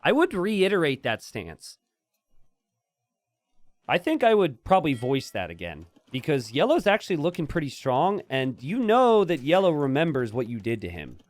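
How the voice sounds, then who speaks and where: Lively, animated male game caster. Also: medium pitch, dry recording. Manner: chatty, jokey, bursts into excited shouts and laughter. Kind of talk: live strategy game commentary.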